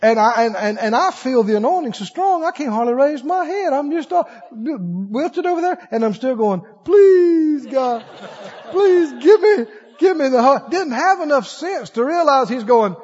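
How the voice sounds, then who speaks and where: A man's voice: extremely high pitch, moderate pace, few pauses, breathy edge. A man preaching a sermon, telling stories animatedly and acting out the voices in them. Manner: animated storytelling, acts out voices, laughs often. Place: church. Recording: dull echoey church hall recording.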